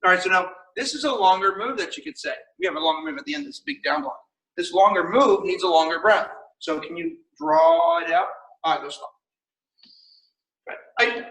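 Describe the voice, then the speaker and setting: A man teaching a martial arts class, calling out commands with energetic shouts and laughter. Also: high voice, a little fast, creaky. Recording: echoey room, mic far off.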